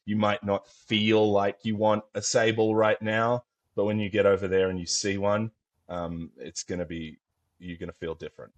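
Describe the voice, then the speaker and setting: A man's voice: on the low side, little pitch movement, normal speed. A man from Australia with an Australian accent, a professional hunter talking in a thoughtful, rambling way, full of fillers, as a podcast guest. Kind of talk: casual conversation.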